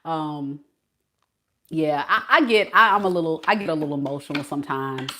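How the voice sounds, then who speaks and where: A woman's voice: sits low, normal speed, bright, forceful tone, a little hiss or hum. A woman tarot reader hosting a casual live stream. She chats playfully with her viewers, greets them, and laughs often.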